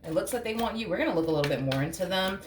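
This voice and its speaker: A woman's voice: mid-range voice, lively intonation, very fast. A woman giving a casual, blunt tarot reading, swearing freely and acting out imagined reactions. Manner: acts out imagined reactions in quotes. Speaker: tarot reader. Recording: echoey room with faint hum.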